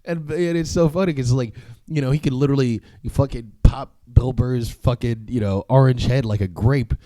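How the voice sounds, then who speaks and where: A man's voice: mid-range voice, normal speed, mellow, dry recording. A young man hosting a solo podcast, talking casually in a profane, rambling way, with frequent laughs and filler words. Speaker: podcast host.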